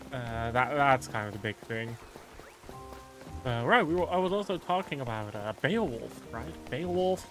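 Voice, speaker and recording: A man chatting casually while streaming a game, rambling and musing aloud with lots of filler words. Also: fairly high pitch.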